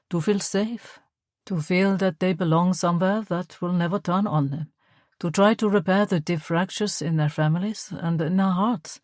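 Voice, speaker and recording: Reader voicing a woman, earnest, tender, low voice, dry close recording. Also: darkish tone, dry recording, lightly acted.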